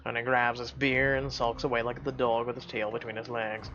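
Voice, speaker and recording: A man's voice: medium pitch, fairly quick, hardly any pauses. A man reading a story game live, narrating and cracking profane jokes between lines, over a slightly dull recording with faint game music. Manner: animated, joking, profane asides. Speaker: game streamer reading aloud.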